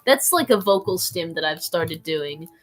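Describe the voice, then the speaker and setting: A woman's voice: on the low side, animated, a little slow, soft background music. A young adult woman live streaming, reading chat aloud in a playful, rambling way, often saying "like" and slipping into silly voices.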